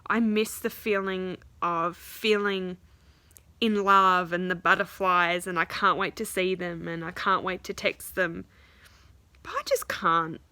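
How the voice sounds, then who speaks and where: Bright-voiced young woman ranting casually. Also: medium pitch, no room sound. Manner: frustrated, swears often, quotes others in voices. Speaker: vlogger.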